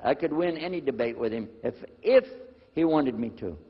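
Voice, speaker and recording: A man preacher telling a personal story in a lecture, animated and acting out the dialogue. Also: medium pitch, normal speed, breathy edge. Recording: dull sound with long hall reverb.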